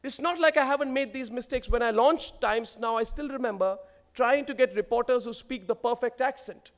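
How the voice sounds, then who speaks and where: Man, Indian English accent, keynote speech, emphatic, repetitive rhetoric, high-pitched. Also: fairly quick. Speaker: keynote speaker. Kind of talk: motivational speech to an audience.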